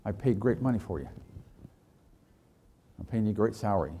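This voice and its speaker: Man doing a stern cheapskate farmer, lectures in a low grumble. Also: lively intonation, a little fast, dark tone, slightly rough. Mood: scolding. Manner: scolding, indignant. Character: stern penny-pinching old farmer, male.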